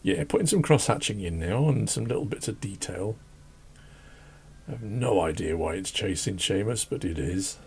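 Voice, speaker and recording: A man hosting a drawing channel, chatting casually and rambling as he draws, self-deprecating and laughing often, with a croaky voice. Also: on the low side, animated, moderate pace, a little mellow. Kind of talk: casual chat while drawing. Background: faint classical music.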